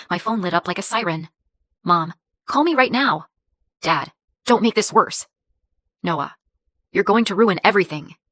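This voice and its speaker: A woman tells a first-person story in a measured, even way. Her voice sits a little low. The recording is dry and close. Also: no room sound. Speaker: narrator.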